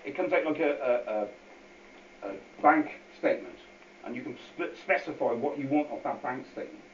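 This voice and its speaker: Speaking at a normal pace in an expressive, mid-range voice, a man addresses a public meeting as a guest speaker, informally and without a script. He rambles, repeats himself and goes off on many asides. The hall recording is echoey, distant and dull, with faint hiss.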